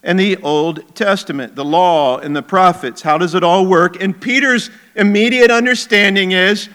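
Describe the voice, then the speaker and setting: Pastor, male, middle-aged; slightly high, bright voice; chatty sermon delivery with emphatic points. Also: moderate pace, hardly any pauses, smooth. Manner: conversational, chuckling asides, emphatic.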